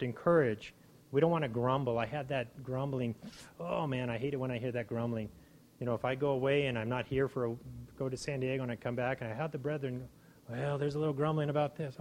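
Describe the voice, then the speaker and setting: A man giving an informal sermon to his church, conversational, with frequent restarts and animated exclamations. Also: mid-range voice, a little hiss or hum. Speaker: preacher.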